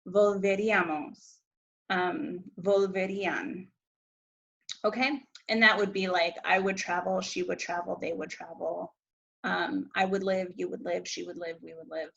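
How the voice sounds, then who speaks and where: A woman's voice: medium pitch, creaky, fairly bright tone, husky, muffled recording. A woman teaching a recorded Spanish grammar lesson over slides, casual and chatty, correcting herself as she goes.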